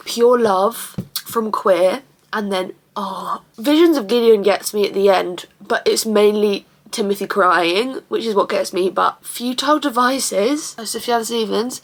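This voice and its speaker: A woman's voice: on the high side, normal speed. A woman vlogging in a casual confessional way, rambling emotionally with lots of fillers.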